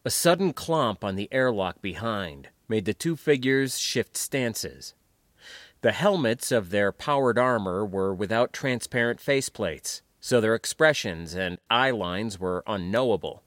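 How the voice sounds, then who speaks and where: A man's voice: fairly low pitch, lively intonation, measured pace, fairly bright tone, dry recording, clean studio sound. A man narrating a science fiction audiobook expressively, giving characters their own voices. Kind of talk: scripted sci-fi narration.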